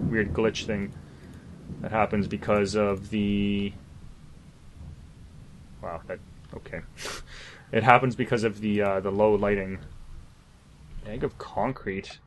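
A man's voice: on the low side, a little hiss or hum. A man commentating his own zombie game playthrough, swearing, joking and talking to himself in exasperation. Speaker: gamer. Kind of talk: let's play commentary.

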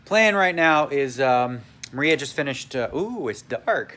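A man's voice: medium pitch, expressive, a little slow, sharp tone. A man talking casually to camera at home in a vlog, chatty, often laughing and muttering to himself. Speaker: vlogger. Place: home indoors.

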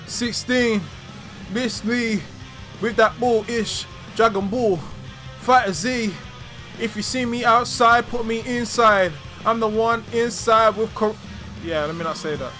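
A woman's voice: fairly high pitch, a bit bright. A woman doing playful, joking gameplay commentary as a gaming channel host. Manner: joking, bantering, breaks into silly song. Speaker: gaming YouTuber. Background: game music.

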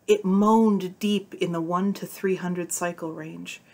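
Female narrator with a lowish voice; reads fiction aloud, voicing characters lightly. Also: steady tone, slow pace, a little mellow. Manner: voices the characters' dialogue with shifts of tone. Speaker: narrator reading a short story aloud. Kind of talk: audiobook-style story reading.

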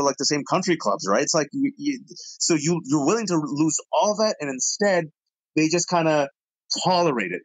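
A man, a columnist guest, telling political anecdotes with lively energy and addressing the audience directly. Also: on the high side, no echo, rough recording. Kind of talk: animated political storytelling.

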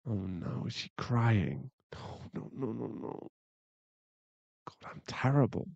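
A man's voice: on the low side, very animated, unhurried, gravelly, a little mellow, no room sound, muffled recording, heavily acted. A man voicing a young boyfriend who is hot-tempered but remorseful, in a whispered role-play, swearing and then murmuring apologies.

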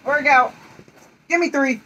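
High-voiced woman reading a storybook aloud. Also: pushed and bright, poor audio. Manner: playful, coaxing, giving quick directions. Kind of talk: home storytime read-aloud with pretend play.

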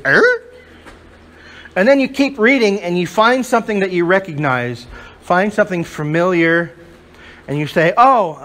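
A man's voice: high voice, a bit bright. A male pastor preaching a sermon to a congregation in church, emphatic and full of rhetorical questions.

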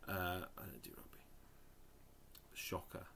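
A man's voice: deep voice, expressive, a little slow, gravelly, sharp tone, slight background noise. A man reading dictionary headwords aloud one by one, adding muttered, dry asides. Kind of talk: casual reading of word lists.

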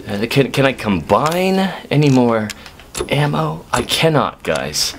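A man giving horror game let's play commentary, talking to his viewers and swinging from low muttering to sudden yelping shouts. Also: very animated, normal speed, background noise.

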